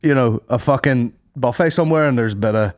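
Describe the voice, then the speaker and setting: A man's voice: mid-range voice, quick pace. A man co-hosting a podcast, bantering in sweary, joking casual chat. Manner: jokey, animated banter, sweary. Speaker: podcast co-host.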